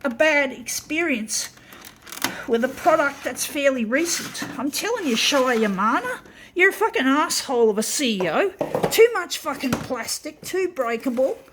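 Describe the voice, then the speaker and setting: High-voiced woman in an angry, swearing rant. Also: lively intonation, normal speed, noisy background. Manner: swearing, exasperated, sighing. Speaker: vlogger. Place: indoors beside an office copier. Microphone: camera mic, set down nearby.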